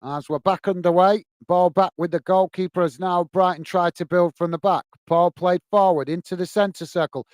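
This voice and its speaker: A man's voice: sits high, steady tone, moderate pace, few pauses, no echo. A man hosting a live football watch-along, chatting casually between match commentary and reading viewers' messages, with rambling self-corrections and a friendly "mate" manner.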